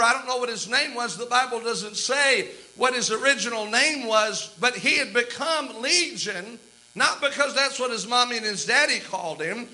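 A man's voice: extremely high pitch, pushed and bright, poor audio. A man preaching a sermon, retelling scripture and stories in a vivid storytelling manner.

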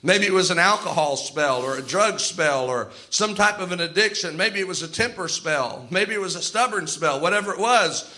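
Preacher man, very high pitched and sharp, vivid storyteller; sermon. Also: animated, moderate pace, few pauses, poor audio. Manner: vivid storytelling preaching, retells scripture and anecdotes.

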